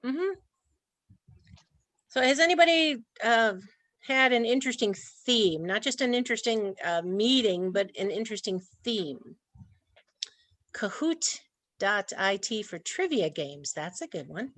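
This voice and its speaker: A woman's voice: a little high, animated, unhurried, long pauses, a bit bright, no room sound. A woman presenting an online training talk in a chatty way, laughing often. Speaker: workshop presenter.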